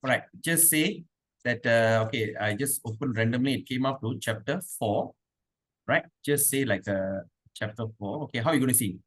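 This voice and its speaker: A man leading an online devotional class over a video call, asking the class questions and chanting verses slowly. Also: mid-range voice. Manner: chatty, asks the class questions. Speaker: spiritual teacher.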